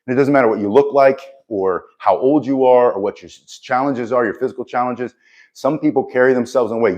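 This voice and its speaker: A man's voice: medium pitch, a little mellow. A middle-aged man, a self-defense instructor, talking casually and earnestly to camera with a motivational push, chuckling now and then and restarting his sentences. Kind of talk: casual direct-to-camera talk.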